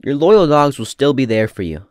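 A man giving casual comedic commentary as a vlogger, rambling and profane with deadpan asides. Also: mid-range voice, moderate pace, no echo, clean studio sound.

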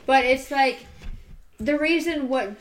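A woman's voice: high-pitched, slow pace, crowd noise. A woman in casual conversation, telling stories animatedly and acting out the people she quotes. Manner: animated, acts out quoted voices. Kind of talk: casual chat.

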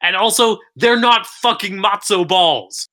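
Lively bright-voiced woman podcaster. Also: medium pitch. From Philippines. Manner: animated, sarcastic, quick asides. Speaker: podcast co-host. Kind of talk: casual chat.

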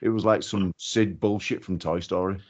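A man's voice: sits low, fairly even intonation, moderate pace, a little mellow. A man, chatting casually as a podcast co-host, swearing freely and laughing a lot while telling stories. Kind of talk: casual chat. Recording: dull lo-fi audio.

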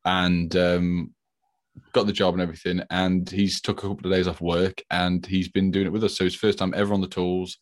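Deep-voiced man, rambling chat. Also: flat delivery, brisk, no echo, clean studio sound. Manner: chatty, rambling storyteller. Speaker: podcast co-host. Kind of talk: casual chat.

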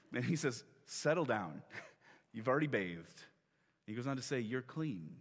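Man preaching in a big reverberant sanctuary, relaxed retelling, acts out the dialogue. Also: mid-range voice, normal speed, husky. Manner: conversational storytelling, acting out quoted lines with laughs. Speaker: pastor. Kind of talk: sermon. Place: church sanctuary.

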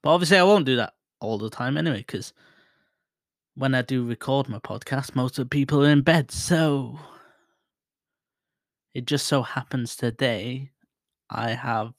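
A man in his thirties rambles through a casual solo podcast from home, self-deprecating and prone to loud bursts of excitement. He sits about a foot back from his mic, and the sound is dry and close, with little room in it. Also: medium pitch, dry recording. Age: 30s. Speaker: podcast host. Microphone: desk mic set to far mode, about a foot away.

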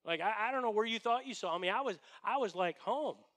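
A preacher acting out a brash young male disciple who swears he will never quit, loud and swaggering, in a high, bright, cutting voice. He talks big and casual, like a buddy promising to have your back. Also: expressive, brisk. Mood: flustered denial. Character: boastful loyal male disciple, brash and eager.

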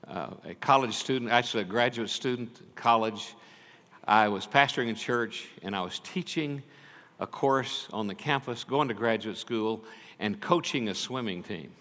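An older man preaching a sermon, telling stories and swinging from loud, urgent passages to hushed ones. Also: mid-range voice, normal speed. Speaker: pastor. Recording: long reverb of a large hall.

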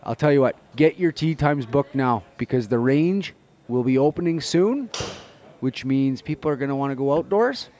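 A man co-hosting a casual podcast, relaxed, often trailing off quietly. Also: medium pitch, normal speed. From Canada. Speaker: podcast co-host. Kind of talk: casual chat.

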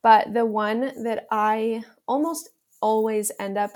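A woman guest speaking in a gentle, matter-of-fact way. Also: a little high, steady tone, slow pace.

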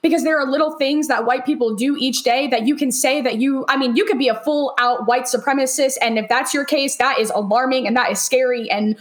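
A young woman with a high voice speaks on a podcast in an earnest, heartfelt way. She leans on "like" again and again as she works through her thoughts. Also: steady tone, a little fast, hardly any pauses. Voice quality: earnest, heavy use of "like" as filler. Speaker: podcast co-host. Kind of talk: emotional personal podcast talk.

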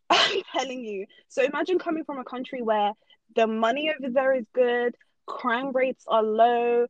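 A woman's voice: a little high, a little slow, dry recording. Emphatic slangy woman ranting. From Norway. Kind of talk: casual chat. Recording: dull dry close sound.

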